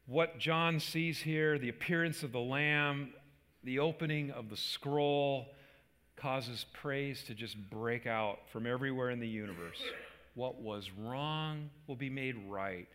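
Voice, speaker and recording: A man's voice: fairly high pitch, expressive, measured pace, bright, forceful tone, in a large hall. A man preaching a sermon as a pastor, earnest, with repeated restarts and emphatic peaks.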